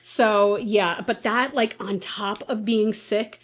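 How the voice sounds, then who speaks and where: A woman's voice: medium pitch, steady tone, slow pace. A woman in her twenties, chatting casually and telling a story while doing her makeup, with lots of "like" and frequent laughs. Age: 20s. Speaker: beauty vlogger.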